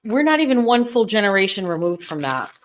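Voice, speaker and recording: A woman's voice: medium pitch, sing-song, brisk, slight background noise. A woman in her thirties hosting a casual livestream, rambling and chatty while opening gifts, teary and close to crying. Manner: rambling, nostalgic, chatty with fillers. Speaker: host.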